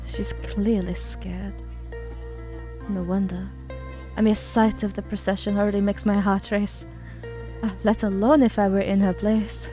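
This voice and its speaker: Woman game streamer, quiet asides, slow-paced, music faintly behind. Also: mid-range voice, little pitch movement. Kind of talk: let's play commentary.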